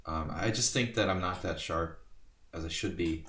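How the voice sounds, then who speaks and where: A man's voice: deep voice, normal speed, a bit bright, far from the mic, a little hiss or hum. A man from Hungary streaming blitz chess, chatting casually and poking fun at himself between moves. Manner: chatty, self-deprecating, rambling asides to chat. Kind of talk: casual live-stream chat while playing blitz. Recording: roomy echo, mic set back.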